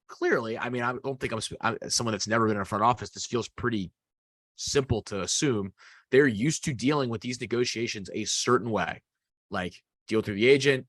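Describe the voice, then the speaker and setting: A man's voice: medium pitch, no echo. A young man co-hosting a sports podcast, talking casually in a rambling way, full of "like" and "you know". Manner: rambling, filler-heavy, animated. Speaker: podcast co-host.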